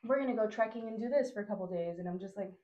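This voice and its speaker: A woman from Honduras, a podcast guest, telling a travel story in casual chat, animated, with frequent laughs, fillers and restarts. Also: mid-range voice, rapid-fire, echoey room, highs cut off.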